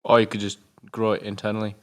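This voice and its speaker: A British man co-hosting a film review show, rambling and halting, with lots of fillers and casual swearing. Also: lowish voice, completely flat delivery.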